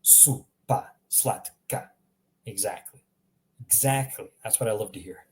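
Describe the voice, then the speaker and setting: A man giving a casual live language lesson, chatty and relaxed, reacting to viewers' examples and laughing now and then. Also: lowish voice, moderate pace. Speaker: language teacher.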